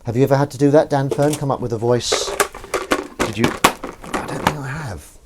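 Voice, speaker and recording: A mid-range male voice at a moderate pace comes through heavy background noise and clinking dishes and cutlery. The speaker hosts a laid-back livestream from his home kitchen, reading out comments as he washes up. He rambles and is self-deprecating.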